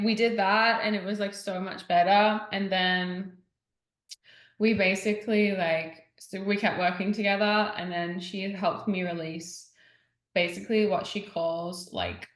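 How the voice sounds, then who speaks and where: A woman's voice: mid-range voice, little pitch movement, slow, a bit bright. Chatty woman guest in an echoey room. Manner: chatty, heavy use of "like", retells others' words. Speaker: podcast guest. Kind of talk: casual interview chat.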